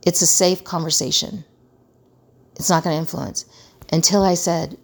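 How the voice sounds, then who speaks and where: A woman's voice: fairly low pitch, steady tone, normal speed, vocal fry. Earnest conversational middle-aged woman. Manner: earnest, conversational, acts out quoted remarks. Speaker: host. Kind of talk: casual advice talk.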